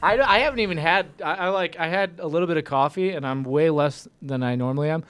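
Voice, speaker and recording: A man hosting a talk show, sarcastic and excitable, directing the producer from a studio mic. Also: on the high side, fast talker, hardly any pauses, clean tone. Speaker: show host. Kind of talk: mocking political talk show.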